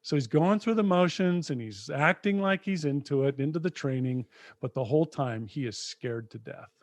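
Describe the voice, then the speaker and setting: A man co-hosting a podcast, retelling film scenes in a lively conversational way. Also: a little high, normal speed, no room sound. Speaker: podcast co-host. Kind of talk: casual conversation.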